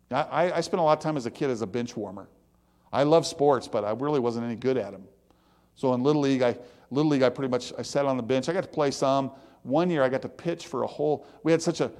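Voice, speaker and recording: A man's voice: medium pitch, darkish tone. Male preacher, folksy conversational devotional, mid-range voice, self-deprecating humor. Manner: folksy, plain-spoken, with self-mocking asides.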